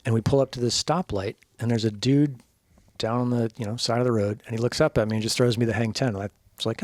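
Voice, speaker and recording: A man in his forties telling a wild story as a podcast guest. His speech is loose and full of swearing, and laughter breaks in often. He slips into the voices of the people he quotes, and his pitch sits mid-range. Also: steady tone, quick pace, a little mellow, no echo. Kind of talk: casual storytelling.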